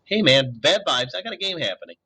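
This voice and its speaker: A laid-back teenage boy from the 1970s, voiced by a male narrator, drawling easily for a storybook reading. His pitch rides up high and his voice has a husky grain. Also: big pitch swings, quick pace, sharp tone, exaggerated voice, low-quality recording. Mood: irritated.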